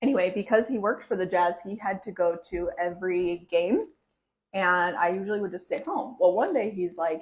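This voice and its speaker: A woman in her twenties casually telling a personal story to camera, chatty and full of "like" fillers, getting animated as she goes. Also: lowish voice, normal speed, low-quality recording. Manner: chatty, heavy use of "like" fillers, animated swings when excited.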